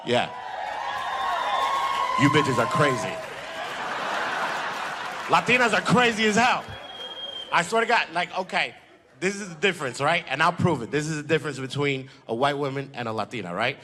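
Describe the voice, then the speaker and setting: A man's voice: on the high side, animated, moderate pace, pauses often, bright, forceful tone, a little hiss or hum. A man doing a stand-up comedy set, brash and profane, teasing the crowd.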